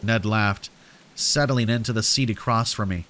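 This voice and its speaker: A man reading a horror story aloud in a steady, measured narration meant for sleep. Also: lowish voice, slight background noise. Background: rain.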